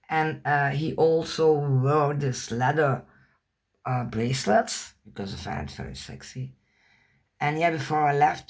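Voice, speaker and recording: Gravelly, husky Dutch-speaking woman. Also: rumbling low. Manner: candid, rambling, swears casually, searches for English words. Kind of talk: personal storytelling to camera.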